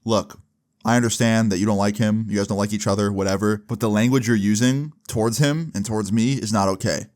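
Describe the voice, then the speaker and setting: A man quoting his mother as a firm, tired parent scolding calmly. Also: on the low side, a little fast, natural voice. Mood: stern.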